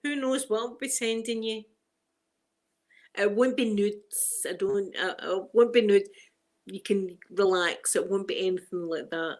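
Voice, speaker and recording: A woman's voice: mid-range voice, measured pace, a little mellow. Scottish woman, live-stream host, rambling chatty delivery, laughs easily. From Scotland. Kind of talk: casual chat with live viewers.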